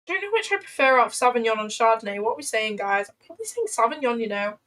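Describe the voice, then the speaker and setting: A woman's voice: a little high, animated, quick pace, a bit bright, rough recording. Chatty young woman streaming. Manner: playful, rambling, reacts to chat. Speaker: trading livestreamer. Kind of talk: casual livestream chat.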